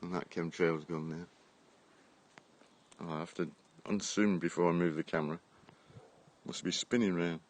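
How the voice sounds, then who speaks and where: A blunt, middle-aged man from England with a low, deep voice rambles through a live stream from his garden. He holds the phone at arm's length and chats loosely, laughing between his remarks and swearing freely. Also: steady tone, moderate pace, long pauses. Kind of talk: casual live-stream chat. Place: outdoors in a garden. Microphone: phone held at arm's length.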